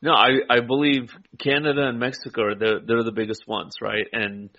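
A man in a casual political chat, talking in a measured, hedging way. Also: medium pitch, level tone. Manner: measured, hedging, frequent "I mean" and "right?". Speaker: co-host. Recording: dull lo-fi audio.

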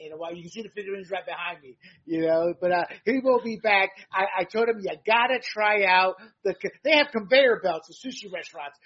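A man with a high, husky voice hosts a political podcast, full of energetic, playful patter as he wraps up the show. His voice comes through slightly dull and lo-fi, recorded at home. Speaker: podcast host. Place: home room with figurines behind.

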